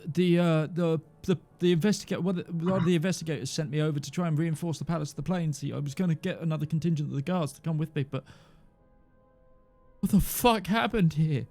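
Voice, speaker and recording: A man voicing a flustered young male palace guard who stammers and rushes his words. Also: darkish tone, faint music behind, lightly acted. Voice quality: high, stammering, breathless.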